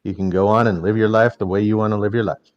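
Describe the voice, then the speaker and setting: A man talking as a player in a tabletop game, measured and a little hesitant. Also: fairly low pitch, steady tone, highs cut off. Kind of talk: casual tabletop game talk.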